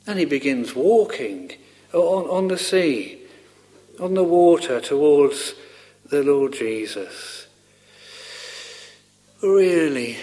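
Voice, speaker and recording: Earnest, halting preacher man, slow delivery. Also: fairly high pitch, a little mellow. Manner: halting and earnest, with frequent repeated words and restarts; fervent, rising on pleading questions. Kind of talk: sermon.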